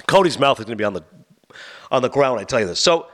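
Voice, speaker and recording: A man talks quickly on a casual podcast, his pitch swinging widely as he spins one story after another. He keeps slipping into quick impressions of the people he describes. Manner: animated storyteller, acts out quoted people. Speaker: podcast co-host. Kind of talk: casual chat, retelling anecdotes.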